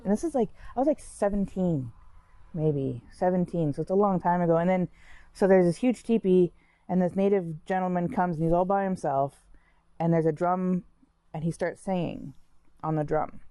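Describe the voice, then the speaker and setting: A woman's voice: lowish voice, moderate pace, dark tone, no room sound. A woman candidly telling her own life story in a conversational way, full of restarts and "like". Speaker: interviewee sharing her story. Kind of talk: personal storytelling.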